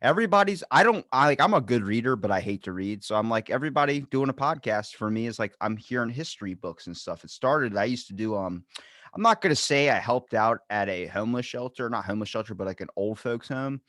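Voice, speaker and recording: A man hosting a podcast in casual chat, telling stories in an animated way and loudly acting out the people in them. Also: mid-range voice, fast, no echo, clean studio sound. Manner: animated storyteller, acts out exchanges loudly. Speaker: podcast host.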